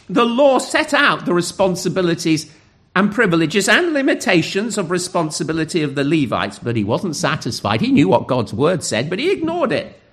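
A man preaching a sermon in an emphatic, earnest way, with dramatic pauses. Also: on the high side, fairly bright tone.

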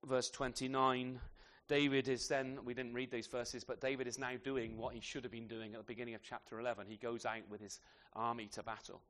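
A man preaching an expository sermon in a church, animated, asking his listeners rhetorical tag questions and restarting phrases as he goes. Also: medium pitch, a little fast. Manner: repeats words as he restarts phrases. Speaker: pastor.

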